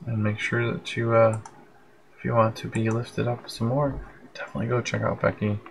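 A tired man hosts a late-night livestream. His low voice has a gravelly rasp, and he talks in a rambling, friendly way. Faint noise sits behind him. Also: flat delivery, normal speed, low-quality recording. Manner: rambling, friendly, reads out viewer comments. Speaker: livestream host. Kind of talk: casual live broadcast chat. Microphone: headphones with plug-in mic.

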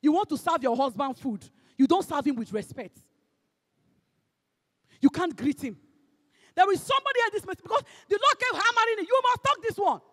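A woman with a Nigerian accent delivers a fervent sermon, her bright, ringing voice leaping up and down in pitch. She shouts her exhortations, then drops to hushed asides, with Pidgin phrases mixed in. A long reverb trails every line, as in a large church hall. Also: lively intonation, fairly quick, long pauses. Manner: emphatic, swings between shouting and hushed tones, drops into Pidgin. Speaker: preacher.

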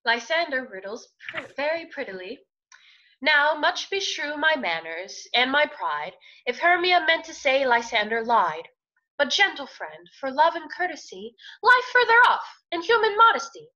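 Cast: woman as a demure, playful maiden, high and lively, bright tone, muffled lo-fi call audio. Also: measured pace, heavily acted. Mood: teasing. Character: modest young woman, gently teasing. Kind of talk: Shakespeare verse reading. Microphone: video call. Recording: dull lo-fi video call audio.

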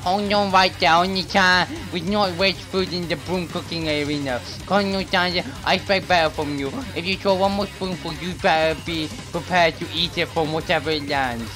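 A man voicing a pompous rival chef who boasts loudly in broken English. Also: fairly high pitch, steady tone, normal speed, few pauses, over music, voice pushed up, lightly acted, low-quality recording. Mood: haughty. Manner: loud, haughty, broken English.

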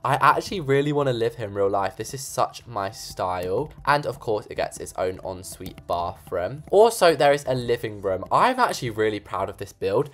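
Lively English woman narrating a game build. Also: extremely low pitch, moderate pace, few pauses. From England. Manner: chatty, bubbly, jokey asides to viewers. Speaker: gaming YouTuber. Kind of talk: casual gameplay commentary.

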